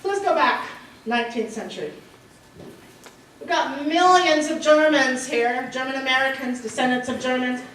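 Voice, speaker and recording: A woman teaches a history class in a high, bright voice, quizzing her students and laughing along with them. She stands away from the mic in a very echoey room. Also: normal speed, far from the mic, slight background noise. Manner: lively, asks the class questions and laughs often. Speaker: history lecturer. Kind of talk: classroom lecture. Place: lecture room.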